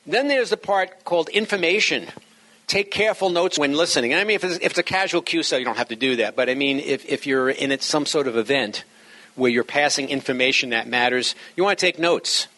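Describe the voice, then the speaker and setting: A middle-aged or older man giving a humorous instructional talk to radio hobbyists, joking and slowing down to stress his words. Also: on the high side, sharp tone. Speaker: speaker at an amateur radio talk.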